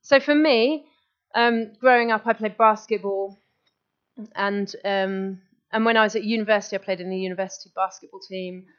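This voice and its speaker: A woman's voice: mid-range voice, fairly even intonation, moderate pace, clear, resonant tone. A woman giving an enthusiastic, chatty live talk to an audience as a guest speaker, restarting her sentences as she goes. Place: meeting room with audience. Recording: dull lo-fi live recording.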